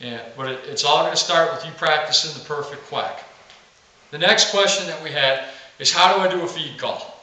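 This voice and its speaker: A man with a fairly high, bright voice explains duck calls in a plain, practical way. He sits back from the mic, and the sound rings heavily around a hard, echoey space. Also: distant mic. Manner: plain, practical teaching, saying quack aloud to demonstrate. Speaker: duck call instructor. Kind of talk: instructional how-to video.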